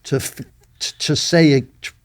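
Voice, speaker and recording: An older man talking as a guest in a casual podcast chat, thoughtful and halting, often trailing off quietly. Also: no echo. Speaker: guest actor.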